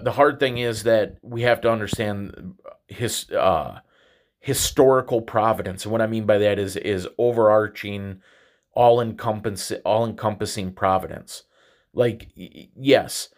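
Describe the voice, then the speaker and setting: Low-voiced man musing haltingly. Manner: halting, many restarts and repeated words. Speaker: podcast host. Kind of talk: reflective religious monologue.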